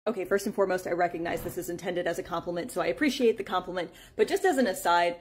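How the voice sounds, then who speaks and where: A woman responds to a comment in a wry, measured way and pokes fun at herself. Her voice sits fairly low. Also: a little hiss or hum. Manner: wry, measured and self-deprecating. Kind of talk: casual vlog response.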